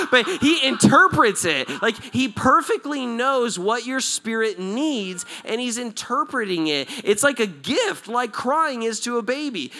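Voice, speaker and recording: Man, pastor, high bright voice, swoops up and down, jokes and laughs through a chatty sermon. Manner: lively, joking, laughs often, addresses the audience directly; repeats and restarts words when excited. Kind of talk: conversational sermon.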